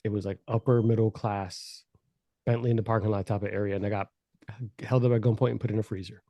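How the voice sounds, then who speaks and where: A man telling a story on a podcast in a casual, animated and profane way, laughing as he goes. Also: fairly low pitch, quick pace, dry recording.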